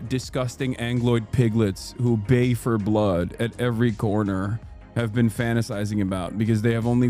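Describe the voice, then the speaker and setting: A man's voice: mid-range voice, a little mellow. A man hosting a livestream, talking casually to his chat in a rambling, heated and jokey way. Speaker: livestream host.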